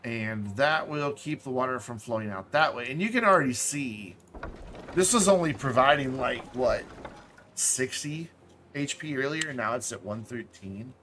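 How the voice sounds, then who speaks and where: A man's voice: medium pitch, lively intonation, normal speed, fairly bright tone, slight background noise. Chatty man streaming a game. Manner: thinks aloud, chatty and self-correcting; jokey asides. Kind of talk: casual live-stream commentary.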